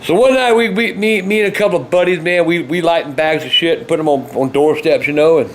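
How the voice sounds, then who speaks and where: An older man telling stories in a foul-mouthed, blustering way that often breaks into shouting. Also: on the high side, quick pace, a little hiss or hum. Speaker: storytelling vlogger. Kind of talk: profane storytelling.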